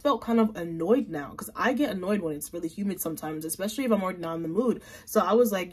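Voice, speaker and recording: A young woman vlogger telling a story in a casual, animated way and talking straight to her viewers. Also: on the low side, fast, hardly any pauses, slightly rough.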